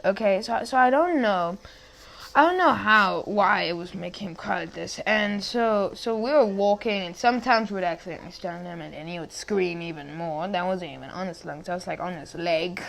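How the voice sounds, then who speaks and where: Rambling young storyteller, casual and quick. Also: female voice, fairly low pitch, creaky, fairly bright tone. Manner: rambling, many restarts and asides.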